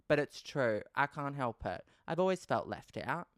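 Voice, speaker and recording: An Australian man hosting a casual solo podcast, talking in an animated, playfully dramatic way and swearing freely. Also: mid-range voice, moderate pace, few pauses, dry recording, clean studio sound. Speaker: podcast host.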